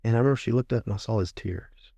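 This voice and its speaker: Guy in his 40s telling a testimony, keeps repeating himself, dark mellow voice, dry sound. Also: on the low side, fast, no room sound, dull audio. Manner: repeats words, retells what he said. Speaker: guest minister. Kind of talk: storytelling testimony.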